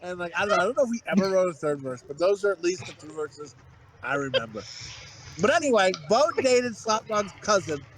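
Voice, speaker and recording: A man's voice: high-pitched, sing-song, brisk, a crowd in the background. A man co-hosting a podcast, telling rambling, profane stories in casual chat, full of fillers and restarts. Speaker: podcast co-host.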